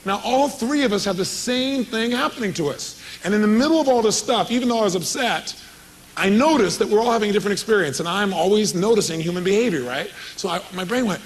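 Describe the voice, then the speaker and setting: A man's voice: high-pitched, expressive, brisk, a little hiss or hum, rough recording. A man giving a live motivational seminar, telling a story with energy and quizzing his audience. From California. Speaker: motivational speaker.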